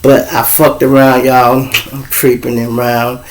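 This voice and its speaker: A middle-aged man with a Chicago accent, hosting his show and telling a profane personal story in casual talk, acting out the voices of the people in it. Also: measured pace. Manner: profane, animated, acts out quoted voices with big pitch jumps.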